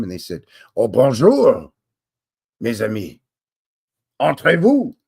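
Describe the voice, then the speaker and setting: Reading viewer questions on his live stream, this middle-aged host from Canada is chatty, jokey and rambling. He speaks with a low-pitched, creaky, husky voice.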